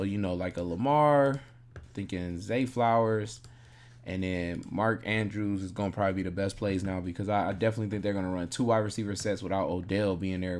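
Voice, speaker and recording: A man's voice: fairly low pitch, a little mellow. A man casually breaking down fantasy football picks, thinking aloud in a laid-back, rambling way and correcting himself as he goes.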